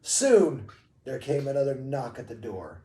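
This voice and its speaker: A woman reads a bedtime story aloud to a child in a gentle, expressive way. Her voice is low and mellow, and her pace is unhurried. She sounds set back from the mic in an echoing room. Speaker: parent reading to a child. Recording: roomy echo, distant mic.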